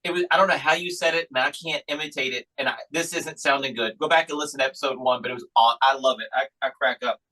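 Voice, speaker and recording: A man's voice: mid-range voice, steady tone, fast, few pauses, sharp tone, poor audio. A male podcast host asking rambling questions in casual chat. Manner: rambling, restarts his questions.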